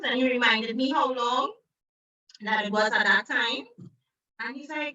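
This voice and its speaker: A woman from Trinidad, an environmental advocate and author, speaking as an interview guest and telling stories with lively quoted voices. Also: a little high, unhurried, pauses often, distant mic, muffled recording. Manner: animated storytelling, acts out quoted voices. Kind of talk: conversational interview. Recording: roomy echo, away from the mic.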